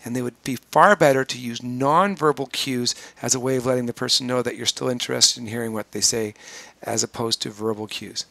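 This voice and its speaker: Bright, gravelly-voiced male trainer. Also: mid-range voice, fairly even intonation, no echo. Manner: measured, explanatory, demonstrates voice tones. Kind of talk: recorded training lecture.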